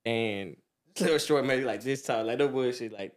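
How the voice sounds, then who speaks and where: A man telling a story on a podcast in casual chat, laughing and loudly acting out what people said. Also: mid-range voice, normal speed. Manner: animated, laughing, acts out quotes loudly. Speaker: podcast guest.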